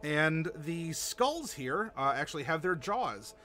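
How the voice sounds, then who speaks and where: Bright-voiced chatty game master. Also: male voice, fairly high pitch, very animated, a little hiss or hum. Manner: chatty, halting, many fillers, laughs easily. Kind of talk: narrating a streamed tabletop game.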